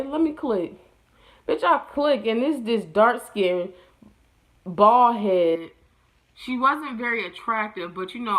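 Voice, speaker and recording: A young adult woman telling a storytime rant straight to her viewers, animated and exasperated. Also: medium pitch, poor audio. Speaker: vlogger. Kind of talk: casual storytime rant to camera.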